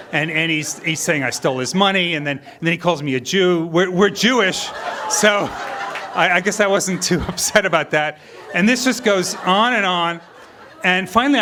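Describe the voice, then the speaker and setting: A middle-aged man telling a true story live on stage, wry and halting, often chuckling as he goes. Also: on the high side, sharp tone, a little hiss or hum.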